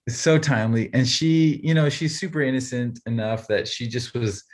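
A man in his thirties, a podcast co-host, telling a family story in a casual, animated way and laughing often. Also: mid-range voice, moderate pace. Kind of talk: casual chat.

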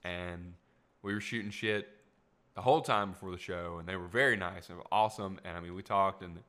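A young man in his twenties with a fairly low voice that has a bright, forward edge. He talks in a loose, rambling storytelling style and keeps stopping to correct or restate himself. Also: steady tone, a little fast. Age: 20s. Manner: rambling, self-correcting, upbeat. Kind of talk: casual storytelling monologue.

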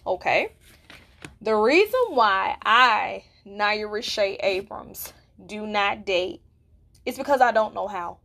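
Blunt, bright-voiced young woman podcaster. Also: mid-range voice, lively intonation, slow pace, vocal fry. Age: 20s. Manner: candid and blunt, with rhetorical check-ins. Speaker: podcast host. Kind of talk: casual solo podcast talk.

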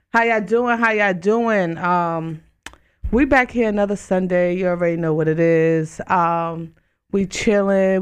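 A woman hosting a casual live radio chat show from a studio, talking loudly and hyping the listeners with repeated greetings and shout-outs. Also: medium pitch, clear, resonant tone. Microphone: studio mic with headphones.

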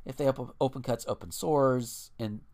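A man's voice: mid-range voice, normal speed, darkish tone. A man hosting a podcast in casual chat, rambling and profane with frequent restarts.

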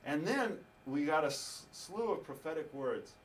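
A man preaching in an animated, storytelling manner, his voice a little high for a man. He sounds set back from the microphone, with a faint hiss behind him. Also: moderate pace, recorded from a distance, rough recording. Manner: animated storytelling with laughter and acted quotes. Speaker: pastor. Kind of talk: sermon storytelling.

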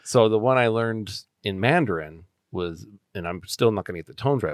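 A man's voice: on the low side, moderate pace, no echo, studio quality. A man co-hosting a casual podcast, joking and laughing often as he explains things.

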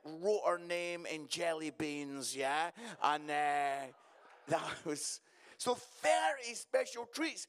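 A middle-aged man speaks as a guest preacher in a church service, with a voice that sits high for a man. He talks in a chatty, jokey way and keeps checking in with his listeners. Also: fairly bright tone, clean tone. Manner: chatty, jokey, often tags lines with "yeah?". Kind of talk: humorous sermon. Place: church service before a congregation.

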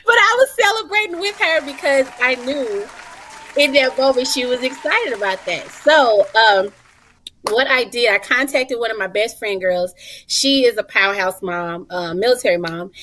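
A woman in her thirties, a mother, talking as a guest in a casual talk show, animated and emphatic with folksy endearments. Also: on the high side, moderate pace, a little hiss or hum. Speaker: guest, mother and retreat organizer.

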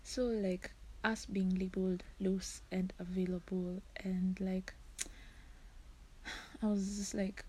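A young woman speaks as a podcast guest, frank and earnest, breaking into short laughs now and then. Her voice is mellow and dark, with a breathy, husky edge, and sits at a middle pitch. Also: little pitch movement, takes it slowly. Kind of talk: casual podcast talk.

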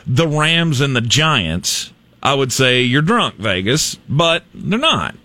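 A man's voice: mid-range voice, big pitch swings, slow, pushed and bright. A man co-hosting a casual sports talk show, wryly pushing back on his partner. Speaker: sports radio co-host.

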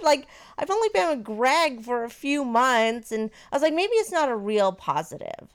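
A woman in her thirties casually telling a personal story to her partner, animated and swearing freely. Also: a little high, normal speed, few pauses, smooth.

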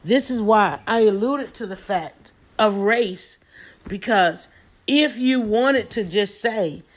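A woman's voice: medium pitch, slow. A woman in a casual monologue, talking in an emphatic, informal way and hammering her points home by repeating them. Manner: emphatic, repetitive preaching tone; informal, slangy talk. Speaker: small business owner.

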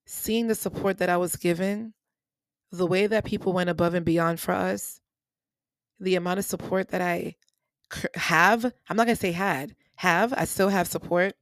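A woman hosts a personal faith podcast, speaking earnestly and emotionally and repeating phrases for emphasis, with features. Her mid-range voice is captured dry and at studio quality on a podcast microphone.

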